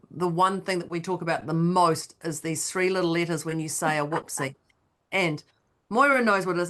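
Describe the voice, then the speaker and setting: A woman co-hosting a motivational podcast, talking in a chatty, animated way and acting out the voices she quotes. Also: fairly low pitch. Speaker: podcast co-host. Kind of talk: casual motivational chat.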